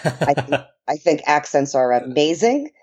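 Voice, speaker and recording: A woman with a New York accent co-hosting a casual podcast chat, talking with lots of fillers and lively quoted asides. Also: deep voice, normal speed, breathy edge. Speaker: podcast co-host and dance professional.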